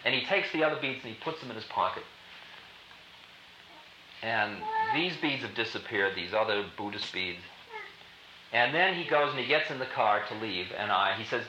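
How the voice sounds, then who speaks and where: A man's voice: on the low side, animated, normal speed, long pauses. A man telling a spiritual story to an audience in loose, hip slang, with laughter running through his talk. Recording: roomy, dull lo-fi archive recording with loud hiss.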